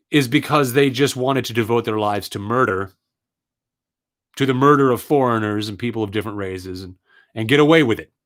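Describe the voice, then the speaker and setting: A man giving an earnest personal monologue, telling his story with indignant, emphatic repetition. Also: medium pitch.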